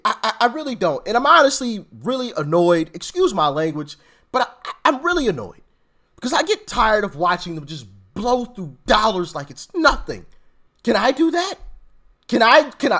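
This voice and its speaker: A man's voice: very high-pitched, very animated, normal speed, sharp tone. A man hosting a political commentary channel, ranting sarcastically and stammering as he repeats himself.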